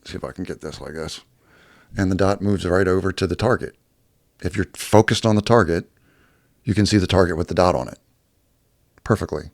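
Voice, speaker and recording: Man, very low voice, gravelly, profane, rambling casual vlog, dry sound. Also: fairly quick, pauses often, dry recording. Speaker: YouTuber.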